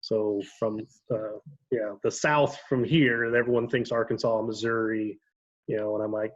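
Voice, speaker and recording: A man with an Ohio accent telling relaxed stories as a guest in casual chat, often pausing with ums and correcting himself. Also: fairly low pitch, dull audio. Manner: relaxed storytelling with frequent ums and self-corrections. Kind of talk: casual video-call chat.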